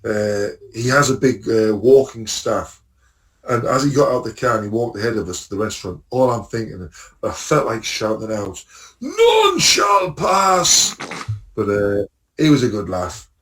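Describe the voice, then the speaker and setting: A man's voice: on the low side, normal speed, distant mic. A man telling rambling travel stories in casual podcast chat, laughing at his own jokes. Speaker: podcast co-host.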